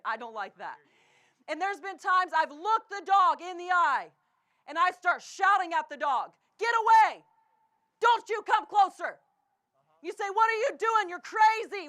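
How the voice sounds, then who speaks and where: High, bright-voiced woman preaching fervently. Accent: Canadian. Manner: impassioned preaching, often shouting, then dropping to a hush. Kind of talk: sermon. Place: church sanctuary.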